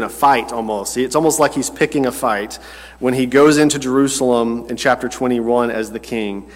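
Conversational male preacher in an echoing church. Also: medium pitch. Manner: conversational, self-correcting, speaks straight to the congregation. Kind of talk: sermon. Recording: long church reverb.

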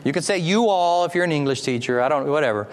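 A man preaching a sermon in a lively, animated way, stretching key words as he reads scripture and explains it. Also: mid-range voice, rapid-fire. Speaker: pastor. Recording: long hall reverb.

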